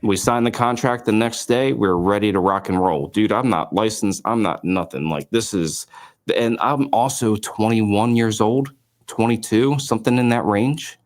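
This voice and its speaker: In an interview, a company founder in his late twenties tells his story with lively quoted dialogue and plenty of fillers. His voice is fairly low and moderately paced.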